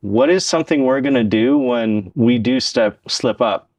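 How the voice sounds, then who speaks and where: A man's voice: mid-range voice, moderate pace, darkish tone, no room sound. A man co-hosting a podcast, talking casually and earnestly about relationships, explaining his points at length and acting out the lines people say to each other. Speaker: podcast co-host. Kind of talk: casual relationship-advice chat.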